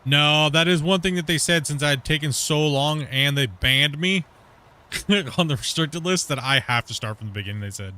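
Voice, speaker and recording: A man from Canada hosts a multiplayer game stream, talking loosely to his friends. His voice is bright and forward, and he rambles with plenty of fillers and restarts. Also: on the high side, normal speed. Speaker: streamer host. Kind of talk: casual chat while gaming.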